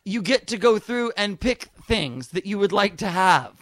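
High-voiced campy man chatting. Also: lively intonation, fairly bright tone, dry recording. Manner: quick, campy, slips into mocking impressions. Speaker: podcast co-host. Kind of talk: casual comedic chat.

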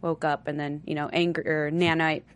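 A woman's voice: sits low, flat delivery, normal speed, smooth. A young woman hosting a casual TV recap chat, giggly and rambling. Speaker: host.

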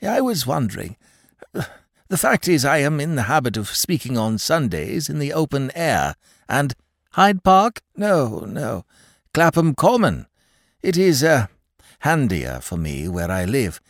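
A man's voice: mid-range voice, huge pitch swings, measured pace, vocal fry, dry recording, studio quality, voice pushed up, heavily acted. A man voicing a kindly, eager older bank clerk who stammers and hesitates with nervous fillers.

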